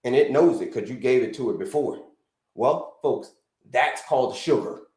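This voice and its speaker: A man's voice: mid-range voice, normal speed, a little mellow, roomy sound, rough recording. A man hosting a live health stream, talking casually, repeating himself, calling listeners "folks" and asking them to type in the chat. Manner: repetitive, addresses listeners as folks, asks them to put answers in the chat.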